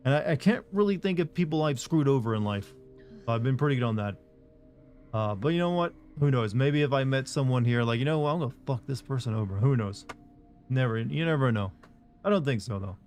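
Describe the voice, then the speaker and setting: A man's voice: medium pitch, a little fast, faint music behind. A young man streaming a video game, chatting casually and rambling with lots of fillers. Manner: rambling, relaxed, frequent fillers. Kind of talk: casual live-stream chat.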